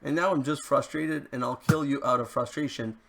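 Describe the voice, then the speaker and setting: Gravelly man narrating his gameplay. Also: mid-range voice, steady tone, fairly quick, noisy background. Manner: chatty, easily frustrated, talks to the game. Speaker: let's play host. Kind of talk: gameplay commentary.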